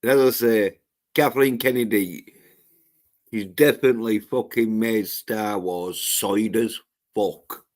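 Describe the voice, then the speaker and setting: A man's voice: fairly low pitch, fairly even intonation, darkish tone. A man ranting on his own livestream, swearing heavily and often stopping to restart his sentences. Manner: profane, ranting, halting with restarts. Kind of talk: solo livestream rant.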